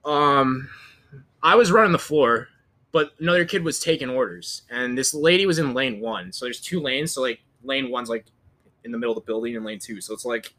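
Bright-voiced young man telling stories. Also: medium pitch, a little fast. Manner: rambling, profane storytelling with many restarts. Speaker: podcast co-host. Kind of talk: casual chat.

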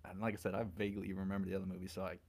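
A man's voice: low-pitched, flat delivery, racing, vocal fry, darkish tone. A man with a Southern US accent co-hosting a casual movie review chat, joking as he talks. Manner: joking, laughs easily. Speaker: film review co-host.

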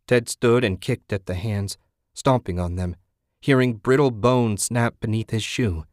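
A man reading a horror story aloud in a steady, grim voice. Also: on the low side, a little slow, no room sound, clean studio sound.

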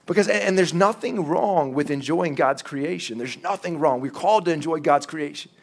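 A man's voice: on the high side, normal speed, creaky. A man, preaching a sermon as a pastor in a candid, conversational way, acting out quotes as he tells stories.

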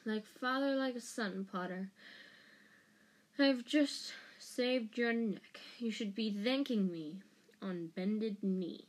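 A woman doing a silky, spiteful male professor. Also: mid-range voice. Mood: menacing. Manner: slow, soft, silky menace.

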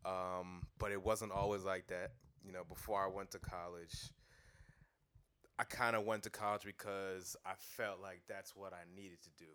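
A young man with a very low, smooth and resonant voice, speaking as a guest on a casual podcast. He talks earnestly and thoughtfully, often pausing on fillers as he works through his point. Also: little pitch movement, a bit bright.

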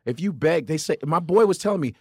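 A man's voice: on the high side, fast talker, breathy edge, no room sound, studio quality. A male comedian, talking loosely in a podcast chat and slipping into mocking voices. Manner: animated, profane, does mocking voices. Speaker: comedian guest.

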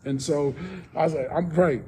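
A man as a podcast guest, telling a personal story in casual talk, soft-spoken and rambling with many restarts. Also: on the high side, steady tone, moderate pace, slight background noise.

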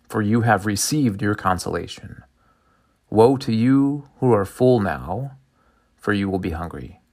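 A man voicing Jesus as he preaches blessings and woes to a crowd, read aloud in a sermon. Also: on the low side.

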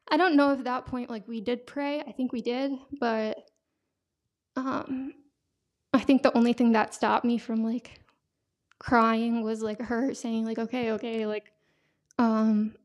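Young woman host, personal testimony, halting and emotional, slightly high voice. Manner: emotional, halting, many fillers. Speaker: podcast host.

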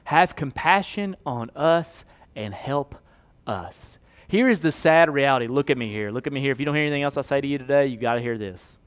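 A man preaching a sermon as pastor, swinging from hushed, slow emphasis to loud, fast pleading. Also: mid-range voice, lively intonation, clean tone.

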